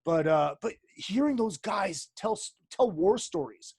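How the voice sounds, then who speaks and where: A man's voice: sits high, animated, unhurried, creaky, darkish tone, husky, no echo, studio quality. A man from Minnesota telling stories in casual chat, rambling with lots of fillers and swearing.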